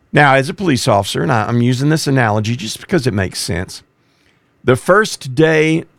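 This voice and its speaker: A man's voice: mid-range voice, no room sound. A man who used to be a police officer, preaching emphatically as a radio show host. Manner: emphatic, rising to forceful exhortation. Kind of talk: preaching talk.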